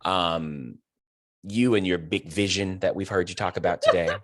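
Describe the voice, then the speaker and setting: A man's voice: deep voice, moderate pace, fairly bright tone, no room sound, clean studio sound. A man hosting a video-call interview, talking in an effusive, emotional way with many fillers and restarts. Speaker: host.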